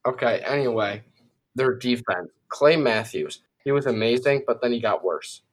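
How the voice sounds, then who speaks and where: A man's voice: medium pitch, animated, normal speed. Chill guy talking football picks, laughs a lot, kinda all over the place. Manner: loose, easily surprised, laughs often. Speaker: co-host of a football preview. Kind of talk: casual sports chat.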